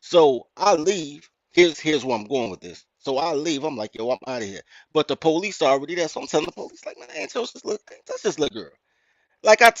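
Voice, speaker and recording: A man with a Chicago accent, hosting a podcast and telling a story in a blunt, profane, animated rant. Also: fairly high pitch, no room sound. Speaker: podcast host. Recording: dry, muffled lo-fi audio.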